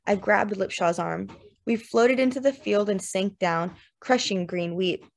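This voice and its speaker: A woman narrating a literary novel in the first person, measured and lyrical. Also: medium pitch, vocal fry. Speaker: audiobook narrator. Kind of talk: literary fiction reading.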